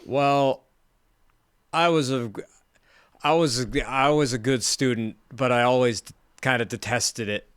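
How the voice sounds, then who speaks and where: A man's voice: medium pitch, steady tone, unhurried, clean tone, no room sound, clean studio sound. A man hosting a casual chat, laid-back, swearing casually and stumbling a little over his words.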